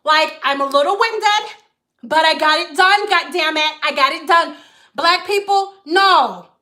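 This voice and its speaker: A woman hair stylist chatting casually to live viewers, animated and blunt, swearing freely and slipping into playful put-on voices. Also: very high voice, measured pace.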